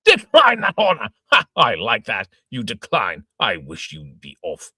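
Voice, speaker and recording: Casting: a man playing a fuming old father, bright edgy tone, wildly swooping delivery, husky. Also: deep voice, very animated, unhurried, no echo, studio quality, full character voice. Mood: indignant. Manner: sputtering oaths, exclaiming, shouting indignantly. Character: blustering old gentleman father, hot-tempered. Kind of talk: amateur reading of an old stage farce.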